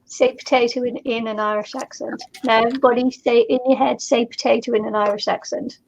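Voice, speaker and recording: High-voiced gravelly woman, playful guest on a call, faint hiss. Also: fairly even intonation, a little fast, dull audio. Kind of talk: casual chat on a call.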